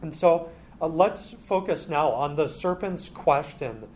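A man working through a Bible passage, pausing constantly with filler sounds. His voice sits a little high for a man. Faint background noise stays under the speech. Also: expressive, a little mellow. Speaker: Bible teacher. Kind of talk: expository Bible teaching.

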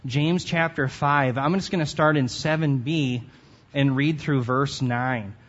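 A man's voice: mid-range voice, fairly even intonation, a little slow, a bit bright. Earnest man teaching scripture, lo-fi. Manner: earnest teaching tone, stresses key words. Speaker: Bible teacher. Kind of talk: expository sermon.

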